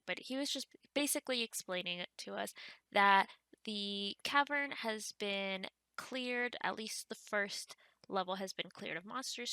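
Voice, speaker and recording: A woman's voice: medium pitch, bright, forceful tone, no room sound. A woman hosting a gaming channel, giving casual let's-play commentary in a chatty, rambling way as she thinks aloud.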